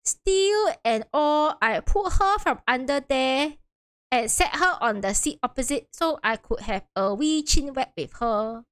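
A woman's voice: sits high, lively intonation, a bit bright. A woman voicing a middle-aged male coachman witness with a put-on sounding brogue, drawing out his words. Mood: folksy. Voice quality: broad folksy brogue, drawn-out words.

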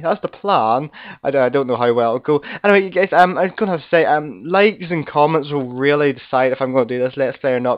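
A slightly hoarse man rambles through a casual game commentary at a quick clip, his pitch bouncing up and down as he chats to his viewers. The recording is muffled and lo-fi. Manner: rambling, chatty, talks to viewers and fellow players. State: slightly hoarse from being sick. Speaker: gaming video host.

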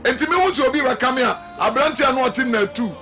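Ghanaian prophet guy preaching live, super high bright voice, kinda sings it, faint music under. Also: quick pace. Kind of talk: live broadcast sermon and talk.

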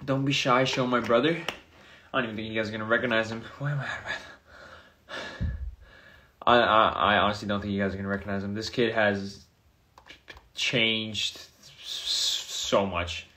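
A man's voice: on the low side, steady tone, moderate pace, long pauses, sharp tone. A young man chatting casually on a livestream into his phone, loosely reading out and reacting to viewer comments. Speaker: streamer answering viewer comments.

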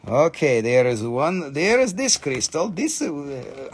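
A man hosting a live crystal sale, chatting in an excitable, joking way and swearing casually. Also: on the high side, takes it slowly, slightly rough. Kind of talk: live sales stream chat.

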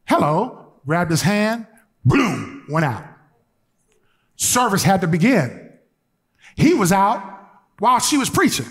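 A male bishop delivering a sermon in a voice that sits a little higher than most men's. He tells his stories with animated, colloquial asides to the congregation, then drops into quiet, hushed urging. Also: unhurried, long pauses, husky. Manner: shifts between loud lively telling and quiet, hushed urging.

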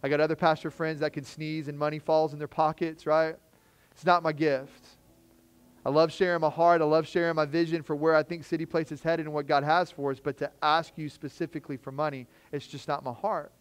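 A man's voice: fairly high pitch, fairly quick, clear, resonant tone. Casual storytelling pastor, man. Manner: storytelling with lively acted quotes, casual slang. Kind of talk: sermon. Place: church.

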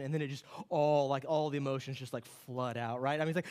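A man in his late thirties preaching a sermon, telling a family story with an animated, storytelling manner. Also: mid-range voice, fast talker, hardly any pauses, smooth. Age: late 30s. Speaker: pastor. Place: church sanctuary. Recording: long reverb of a church hall.

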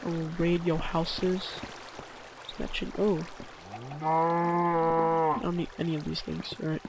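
A teenage boy with bronchitis commentates his gameplay at an unhurried pace, mumbling as he reads signs aloud. Now and then he lets out sudden yelps. A faint hiss sits under his computer mic. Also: fairly high pitch, completely flat delivery. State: has bronchitis. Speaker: gaming channel host. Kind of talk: casual game commentary.

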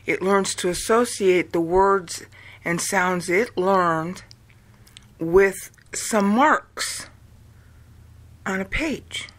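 A woman from the United States explaining an idea to viewers, slow and deliberate, drawing words out and counting them aloud. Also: medium pitch. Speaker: video lecturer. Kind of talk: explanatory talk.

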